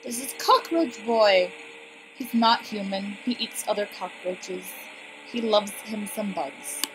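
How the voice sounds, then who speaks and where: A woman giving casual, excitable commentary on a game she is playing, chatting to her viewers. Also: mid-range voice, slow pace. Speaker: let's play gamer. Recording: steady background noise.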